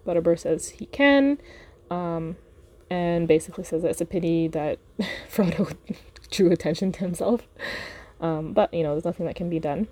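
A woman's voice: on the low side, normal speed, pauses often, a little mellow. A woman hosting a podcast, chatting casually about a book reread with laughs and fillers. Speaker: podcast host.

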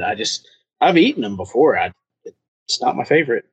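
Husky, halting podcast co-host. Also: male voice, mid-range voice, sing-song, low-quality recording. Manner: hesitant, halting restarts. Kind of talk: casual chat.

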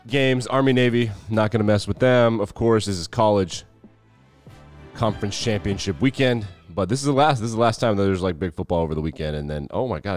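A man from the Rocky Mountain region hosting a sports podcast in chatty, sarcastic, emphatic casual talk. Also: on the low side. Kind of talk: casual solo podcast chat.

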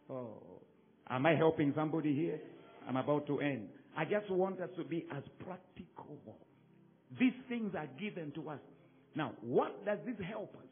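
A male pastor, preaching emphatically to his congregation, swinging from loud calls to soft drops. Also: fairly high pitch, animated, normal speed. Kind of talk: sermon. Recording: phone-like narrow sound.

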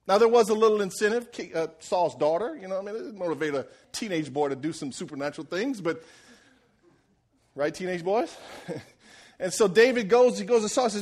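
A man preaching a sermon, telling a story with animated energy, acting out the characters' lines and laughing often. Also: sits high, brisk. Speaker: pastor.

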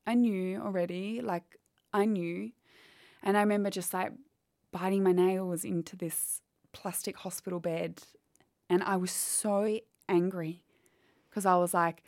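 Low gravelly-voiced woman telling her story. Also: fairly even intonation, unhurried, a little mellow, no room sound, clean studio sound. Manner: candid, quotes others as she retells. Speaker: guest. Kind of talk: emotional personal storytelling.

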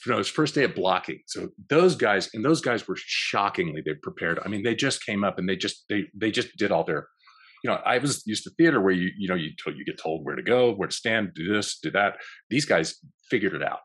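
A man's voice: fairly low pitch, expressive, brisk, fairly bright tone, breathy edge. A man, a guest actor, telling rambling backstage stories in an interview, full of restarts and acted-out quotes. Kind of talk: storytelling in a podcast interview.

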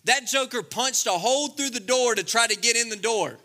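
A man preaching a lively, comedic sermon, acting out scenes in playful voices. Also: very high-pitched, fairly quick. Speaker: pastor.

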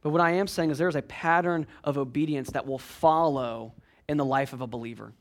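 High-voiced man preaching a conversational sermon. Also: fairly quick. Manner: conversational preaching with frequent "right?" asides. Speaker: pastor.

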